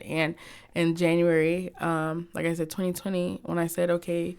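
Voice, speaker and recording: Young woman, smooth clear voice, slightly low, chatty interview guest, animated storyteller. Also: moderate pace. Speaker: guest, cosmetics company founder. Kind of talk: casual interview chat.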